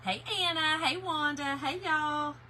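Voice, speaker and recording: Woman, craft stream host, high and very bright, chatty, calls out viewers by name, faint room noise. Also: steady tone, a little slow. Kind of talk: casual livestream chat.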